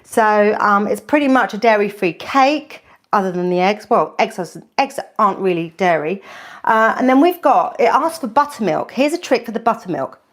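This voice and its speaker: A woman's voice: medium pitch, animated, moderate pace. A woman hosting a live cooking stream from her kitchen, chatty and a little nervous, with lots of ums and restarts as she greets viewers. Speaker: food channel host.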